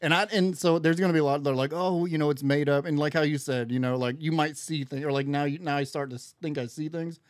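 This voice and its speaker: A man's voice: a little high, quick pace, hardly any pauses, no room sound, studio quality. A man in casual conversation as a podcast guest, telling a story animatedly and acting out the voices in it. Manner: animated storyteller, acts out quoted dialogue.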